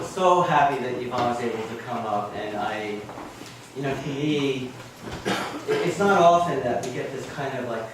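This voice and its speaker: A man hosting a meeting, talking haltingly with many restarts. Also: mid-range voice. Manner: halting, restarts, warm praise. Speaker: meeting host. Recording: echoey room, distant mic, noise.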